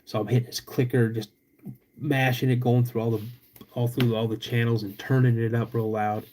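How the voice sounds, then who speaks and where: A young man, hosting a podcast and telling a story in an animated, drawn-out way with sudden loud bursts. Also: medium pitch, a little hiss or hum. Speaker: podcast host.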